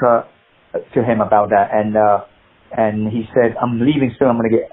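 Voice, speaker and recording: An older man from the UK, a martial artist and actor, telling animated anecdotes in an interview, acting out the people he quotes and laughing at his own stories. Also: mid-range voice. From United Kingdom. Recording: husky voice over a tinny phone-like line.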